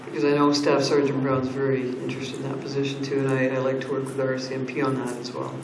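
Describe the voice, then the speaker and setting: A man on council speaking earnestly in a budget meeting, with halting restarts as he works out his point. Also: mid-range voice, monotone, distant mic, background noise. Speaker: council member. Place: council chamber. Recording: roomy council chamber mic.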